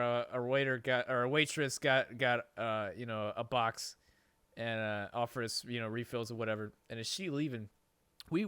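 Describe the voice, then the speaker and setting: A man's voice: mid-range voice, pushed and bright, clear, resonant tone, no echo. A man telling a story on a podcast in a casual, rambling way, swearing and laughing often. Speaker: podcast host. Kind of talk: casual chat.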